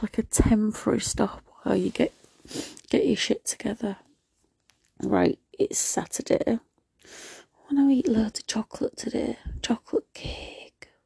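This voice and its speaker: A young woman hosting a casual solo podcast, talking softly and often slipping into a whisper. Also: a little high, normal speed, gravelly, pauses often, husky, dry recording. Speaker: podcast host.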